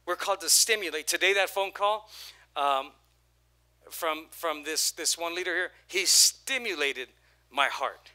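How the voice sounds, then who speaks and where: Male pastor, sermon, very bright voice, slightly high pitch, energetic call-and-response preaching, prone to hoarseness. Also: a little slow.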